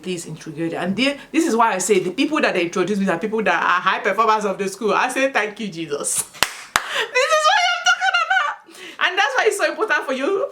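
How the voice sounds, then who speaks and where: A woman from Africa giving casual school advice as a vlogger, telling stories with frequent bursts of laughter, outdoors in the sun. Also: on the low side. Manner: animated storytelling with frequent laughter. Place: outdoors in sunlight.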